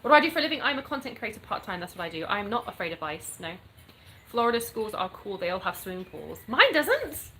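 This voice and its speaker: A woman's voice: mid-range voice, big pitch swings, quick pace, pushed and bright, a little hiss or hum, poor audio. A woman in her thirties with a mixed English accent, chatting casually as she reads viewer questions aloud and answers them frankly. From born in the US, raised in England. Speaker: content creator answering viewer comments. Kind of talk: casual live chat reading comments aloud. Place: home in North Florida.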